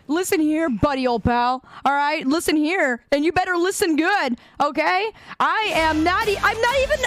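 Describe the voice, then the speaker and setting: A woman's voice: sits high, normal speed, hardly any pauses, a bit bright, no room sound, clean studio sound, soft background music. A young adult woman streaming a game, reacting with exasperated, dramatic pleading and outbursts. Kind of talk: reactive livestream gaming chat.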